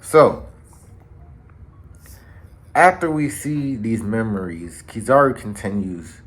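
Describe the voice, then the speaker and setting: Animated slangy man recapping a story. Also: on the low side, slow, faint music behind. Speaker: anime channel host. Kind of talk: casual manga chapter recap.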